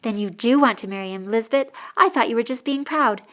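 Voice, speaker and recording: A woman voicing a gentle, teasing young woman, the heroine's sister, who coaxes and chides softly in an audiobook. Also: a little high, brisk, close to an everyday voice. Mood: coaxing. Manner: gentle and coaxing.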